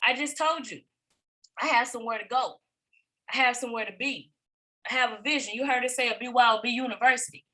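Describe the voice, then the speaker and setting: A woman's voice: on the high side, fast talker, pushed and bright, low-quality recording. A middle-aged woman coaching a team in a motivational training talk, repeating points emphatically and asking rhetorical questions. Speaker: business coach presenting to a team.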